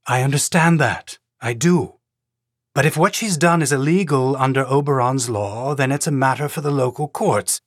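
A man voicing a cautious planetary governor who speaks in a careful, measured way. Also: medium pitch, dry recording, clean studio sound, close to an everyday voice.

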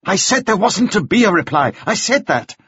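A nervous, snappish employer, voiced by a male reader who speaks in tense, clipped questions. The voice sits raised and slightly husky, in a dry, somewhat dull recording. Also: high-pitched, sing-song, moderate pace, a bit bright, no echo, voice pushed up, exaggerated voice. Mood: anxious. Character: anxious, irritable male employer, sharp-tongued.

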